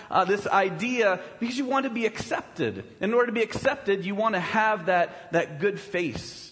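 A pastor preaching a sermon in a conversational way, often checking in with rhetorical questions. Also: male voice, fairly high pitch, fairly bright tone, long reverb tail. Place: church.

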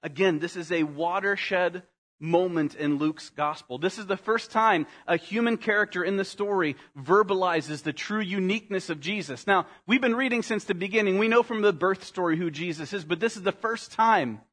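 Man, pastor, sermon, slightly high voice, earnest, soft drops on key lines. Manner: earnest, slows down and drops softly on key phrases; addresses congregation as "guys".

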